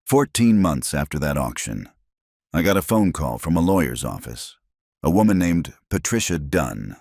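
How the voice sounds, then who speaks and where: A middle-aged man narrates a first-person story slowly and deliberately, leaving dramatic pauses. His voice sits extremely low. The recording is close and dry. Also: gravelly, a little mellow, no room sound.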